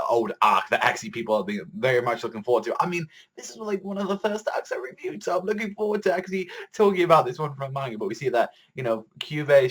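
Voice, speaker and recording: A man casually reviewing an anime episode, swearing constantly and laughing a lot. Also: mid-range voice. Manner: profane, excitable, laughs often.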